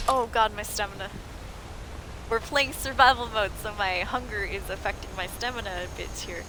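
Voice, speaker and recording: Bright, excitable woman game streamer. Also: medium pitch, moderate pace, a little hiss or hum. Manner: chatty, excitable, shouts at game characters. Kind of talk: live gameplay commentary.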